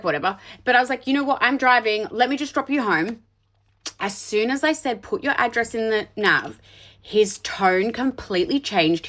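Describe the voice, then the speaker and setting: A woman in her thirties telling a bad-date story in a casual storytime monologue, blunt and animated, swearing freely. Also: mid-range voice.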